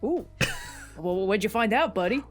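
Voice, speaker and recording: A woman's voice: mid-range voice, lively intonation, normal speed. A woman player trades light, teasing banter with her group. She talks affectionately to her character's dog companion. Faint music plays behind her. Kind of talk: casual tabletop play.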